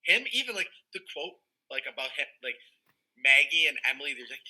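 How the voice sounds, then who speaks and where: Young male panelist, very bright, slightly high voice, animated storyteller with lots of fillers. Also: fairly quick, rough recording. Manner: animated storytelling, heavy "like" fillers, swears freely. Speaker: podcast panelist, former player. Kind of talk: casual chat.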